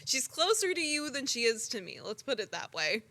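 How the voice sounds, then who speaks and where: A young woman co-hosting a podcast, telling stories in an animated, casual way full of "like" and the odd swear word. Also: on the high side, brisk. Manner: animated storytelling, frequent "like" and swearing. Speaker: podcast co-host. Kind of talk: casual chat.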